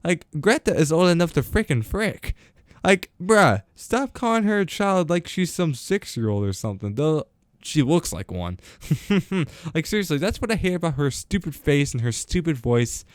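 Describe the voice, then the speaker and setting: A man's voice: fairly high pitch, sing-song, normal speed, no echo. A teenage boy hosting his own show, ranting casually with lots of fillers and sarcasm. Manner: rambling, filler-heavy, sarcastic. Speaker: host. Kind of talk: casual rant vlog.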